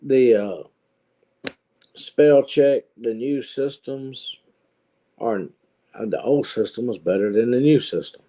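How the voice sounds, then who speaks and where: A man's voice: mid-range voice, slow, long pauses, warm tone. A middle-aged man, telling stories in a casual chat with folksy grammar. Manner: drawling storyteller, folksy grammar.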